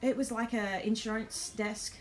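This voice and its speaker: A woman's voice: fairly high pitch, steady tone, unhurried, a little hiss or hum. An Australian woman hosting a live stream, telling a travel story in a chatty way, with lots of ums and nervous laughs.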